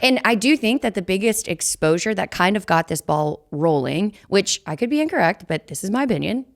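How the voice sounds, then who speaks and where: Young woman cohosting a podcast, outspoken, acts out quotes, mid-pitched. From United States. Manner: animated, outspoken, quick to act out quotes. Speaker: podcast co-host. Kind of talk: casual chat.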